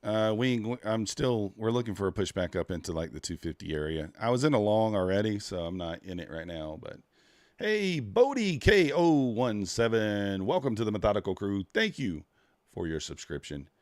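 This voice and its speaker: A man with a low, deep voice chats loosely with his stream audience as he trades. He rambles and mutters to himself while hunting through his software. The sound is close and dry, with no room around it. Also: animated, a little fast, no room sound. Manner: rambling, talks to chat while fiddling with software. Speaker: livestreaming futures trader. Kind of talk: casual livestream chat.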